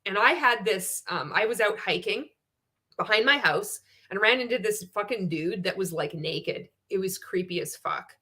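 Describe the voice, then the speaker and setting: Bright-sounding woman on a live stream, chatty and blunt, swears a lot, reads comments out. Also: medium pitch, expressive, moderate pace, breathy edge. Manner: candid, swears freely, reads out viewer comments. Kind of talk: casual live-stream chat.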